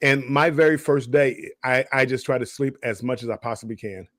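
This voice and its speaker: Man, middle-aged, rambling, restarts a lot, casual live-stream chat, mid pitch, dry close sound. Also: brisk, fairly bright tone, dry recording. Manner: rambling, many restarts and repeated words. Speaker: cruise show co-host.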